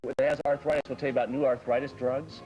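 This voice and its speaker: A man's voice: mid-range voice, fairly even intonation, quick pace, darkish tone, highs cut off. A middle-aged man hosting a television talk show, jovial and chatty as he wraps up the segment. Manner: jovial, gives on-air wrap-ups. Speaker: TV show host.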